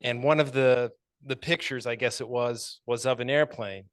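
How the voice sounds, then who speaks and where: A man giving an impromptu answer at a speaking club, thoughtful and measured, with some hesitant fillers. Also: medium pitch, fairly even intonation, no room sound. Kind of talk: impromptu speech.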